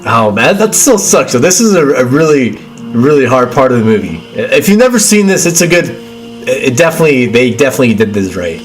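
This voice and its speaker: A man's voice: mid-range voice, sing-song, brisk, faint music behind. A young man hosting a casual movie watchalong stream, stammering and repeating his words and saying "dude" a lot. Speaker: livestream host.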